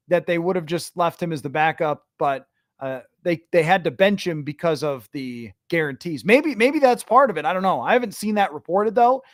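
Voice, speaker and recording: Male sports podcast host, fairly high voice, chatty and thinking aloud, dry recording. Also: no echo. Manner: conversational, thinks aloud with restarts. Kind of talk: casual sports talk reading listener questions.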